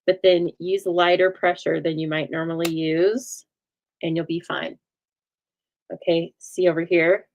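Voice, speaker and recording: A woman's voice: fairly low pitch, steady tone, unhurried, slight background noise, low-quality recording. A woman hosting a live card-making stream, talking in a chatty, folksy way and answering viewer comments as she works. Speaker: craft show host.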